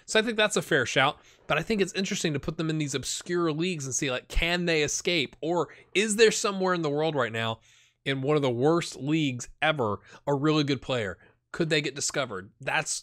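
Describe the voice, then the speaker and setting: A man's voice: on the high side, a bit bright. A man hosting a game channel, talking through a football management save in a rambling, chatty way and thinking aloud with lots of restarts. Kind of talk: casual gameplay commentary.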